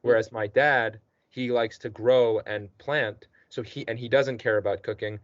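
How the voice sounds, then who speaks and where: A man's voice: mid-range voice, fairly even intonation, a little slow, dry recording. A man teaching a student one-on-one, patient and encouraging, checking in with the student often. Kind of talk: one-on-one tutoring session. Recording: dull dry lo-fi recording.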